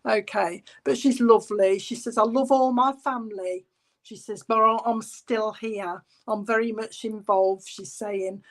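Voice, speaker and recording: Chatty woman medium, slightly high voice, relays messages with lots of asides. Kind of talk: clairvoyant reading at a church service.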